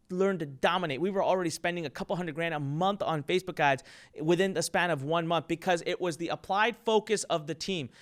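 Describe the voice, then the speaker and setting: A man with a fairly high voice delivers a motivational talk on business, emphatic and full of energy. He punches key words and tells his stories with lively drive. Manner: emphatic and energetic, acts out quotes. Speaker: entrepreneur giving business advice.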